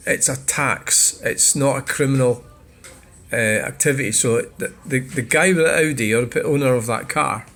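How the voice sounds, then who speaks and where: A man's voice: medium pitch, moderate pace, fairly bright tone. A Scottish man hosting a vlog, bluntly and swearily reacting to viewer comments. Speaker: channel host.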